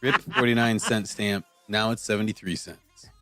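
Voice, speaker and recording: A man co-hosting a podcast who reads out items in a deadpan way. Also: on the low side, moderate pace, no room sound, faint music behind. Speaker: podcast co-host reading listener titles. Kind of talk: casual banter.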